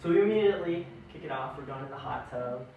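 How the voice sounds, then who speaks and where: A man's voice: mid-range voice, quick pace, gravelly, phone-quality sound, a little hiss or hum. Young man telling a self-mocking comic story, very echoey. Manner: animated, self-mocking, acts out quoted voices. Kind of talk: stand-up comedy storytelling. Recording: very echoey room, mic far off.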